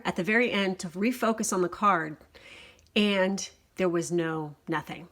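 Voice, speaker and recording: A woman's voice: fairly low pitch, animated, unhurried, fairly bright tone. A woman doing a casual tarot reading on her channel, reading aloud from a guidebook and reacting freely with swearing and emotion. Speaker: tarot reader. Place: home office.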